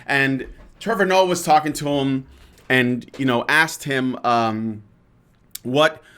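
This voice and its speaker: A man's voice: mid-range voice, slow, fairly bright tone, clean tone. A male podcast host in a heated casual rant, swearing often, exasperated, stumbling through fillers and restarts.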